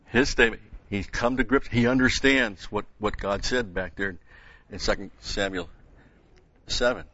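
A man's voice: lowish voice, moderate pace, sharp tone, no room sound, lo-fi sound. A man preaching a sermon who reads scripture aloud with rising emphasis, then explains it in plain asides.

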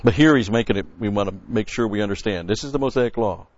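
Talking fast in a fairly low voice, a Bible teacher goes verse by verse through a sermon, hammering points home by repeating key words and explaining the grammar of the original text. The recording is dry, dull, and lo-fi.

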